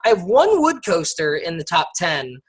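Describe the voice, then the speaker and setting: Slightly high and breathy, this American podcast co-host's voice swoops wildly in pitch as he talks at a normal speed. The chat is casual, packed with fillers and restarts.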